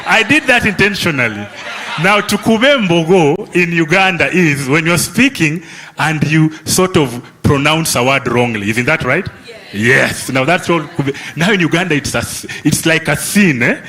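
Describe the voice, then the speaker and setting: A man's voice: a little high, animated, moderate pace, bright, forceful tone. A man facilitating a youth summit session, teasing the audience and tagging questions with "eh?" and "okay?". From Kenya. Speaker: workshop facilitator. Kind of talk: lively audience interaction at a summit. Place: conference hall.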